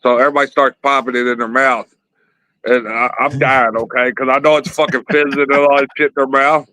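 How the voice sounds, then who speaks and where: A man's voice: medium pitch, fairly even intonation, fairly quick, pushed and bright, dry recording, low-quality recording. A man telling rambling, profane stories in a casual interview, laughing along as he goes. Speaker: wrestler, interview guest.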